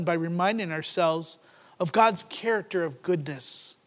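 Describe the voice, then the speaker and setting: Higher-pitched male preacher with dynamic delivery. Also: measured pace. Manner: dynamic, swinging from loud emphasis to hushed low delivery. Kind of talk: sermon.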